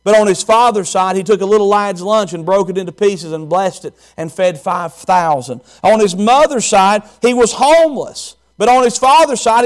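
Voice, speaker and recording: A man preaching a folksy, animated sermon and quizzing the congregation. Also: high voice. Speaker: pastor.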